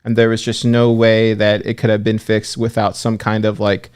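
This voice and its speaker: Lower-voiced man in casual chat. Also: completely flat delivery, normal speed, darkish tone, clean tone. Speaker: podcast co-host.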